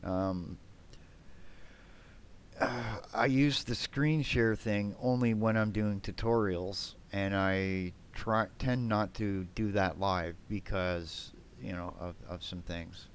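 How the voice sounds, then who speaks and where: Male streamer, low and smooth, rambling and blunt with his chat. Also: fairly even intonation, slow pace. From Canada. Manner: rambling and blunt, swears, keeps tagging "man" and "right?". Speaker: game streamer.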